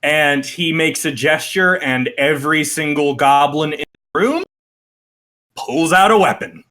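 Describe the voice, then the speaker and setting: A man narrating as game master of a tabletop game, laughing often and filling pauses with uh and like. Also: a little high, sharp tone.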